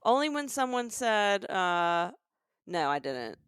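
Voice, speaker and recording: A woman's voice: mid-range voice, sing-song, slow pace, fairly bright tone, clean tone, no echo. Woman, middle-aged, from Alabama, Southern American accent, comedian co-host, rambling self-mocking chat, dry close mic. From Alabama, USA.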